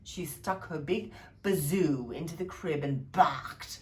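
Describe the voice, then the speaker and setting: A woman at a childcare centre reading a funny picture book aloud to children, expressive and playful. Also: low-pitched, unhurried. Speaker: childcare storyteller.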